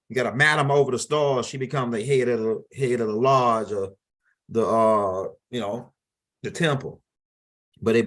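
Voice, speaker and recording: A man's voice: medium pitch, a bit bright. A middle-aged man giving a loose, rambling lecture in casual street talk, full of restarts and asides. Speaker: teacher of an esoteric class.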